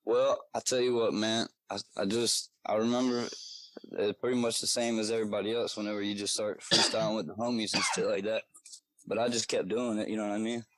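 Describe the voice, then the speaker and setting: Male rap artist guest, low flat voice, dry close sound. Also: brisk, dry recording, low-quality recording. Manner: relaxed, swears, many fillers. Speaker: guest rapper. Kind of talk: casual podcast interview.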